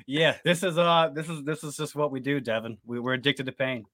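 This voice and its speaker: Man, mid-pitched voice, easygoing podcast host, chuckles while reading comments, dry sound. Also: brisk, dry recording. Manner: relaxed, chuckling. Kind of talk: casual sports talk, reading live comments.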